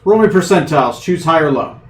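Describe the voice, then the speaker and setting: Running a tabletop game over a video call, a game master explains rolls and outcomes loosely and ramblingly, using lots of fillers. His voice is a little high, animated, and fairly quick, recorded with a roomy echo.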